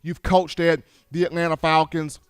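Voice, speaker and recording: A man hosting a sports show, giving opinionated commentary in an emphatic, animated way, now and then acting out other people's voices. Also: a little high, normal speed, clean tone, dry recording, studio quality, soft background music. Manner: animated, emphatic, acts out voices of fans and relatives.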